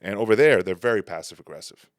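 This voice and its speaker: A man co-hosting a podcast in casual chat, an animated storyteller who mimics people's voices. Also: on the low side, fast, dry recording, clean studio sound. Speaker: podcast co-host.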